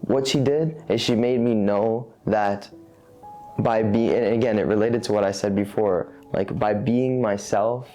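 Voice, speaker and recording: A man's voice: fairly low pitch, fairly even intonation, unhurried, dark tone. Man, candid interviewee; rambling, thoughtful delivery with restarts, faint music bed. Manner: rambling, reflective, with frequent fillers and restarts.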